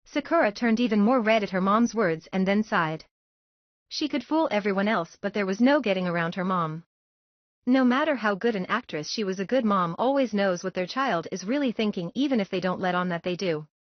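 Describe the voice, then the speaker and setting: Woman, story narration, steady read, dry sound, muffled quality. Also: mid-range voice, brisk, no echo. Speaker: fan-fiction narrator. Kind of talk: audiobook-style story narration.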